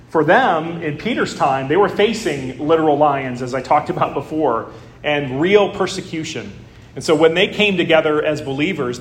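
A pastor delivering a sermon in a slightly high male voice. He talks to the congregation in a loose, conversational way and often pauses on "uh". A faint hum of room noise sits behind him. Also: echoey room. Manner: conversational preaching with frequent "uh" fillers.

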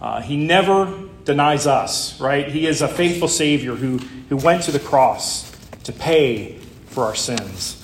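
A man's voice: mid-range voice, animated, measured pace, reverberant, slight background noise. A man preaching a Palm Sunday sermon, conversational and full of rhetorical questions. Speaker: pastor.

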